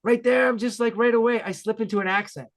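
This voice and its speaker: A man from Ontario with an Ontario Canadian accent, a regular on the podcast, chatting casually in energetic, emphatic bursts. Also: extremely high pitch, fast.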